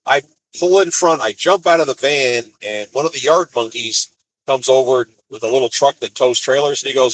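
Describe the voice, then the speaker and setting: A man's voice: mid-range voice, normal speed, no echo, poor audio. Man, van driver, wry rambling live stream, talking from his van, phone mic. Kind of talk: casual storytelling live stream. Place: inside his van on the road.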